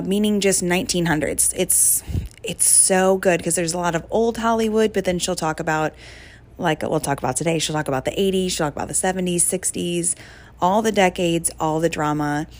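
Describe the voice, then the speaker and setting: A woman's voice: on the low side, moderate pace, darkish tone. A young woman hosting a casual solo podcast, chatty and gushing with lots of fillers. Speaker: podcast host.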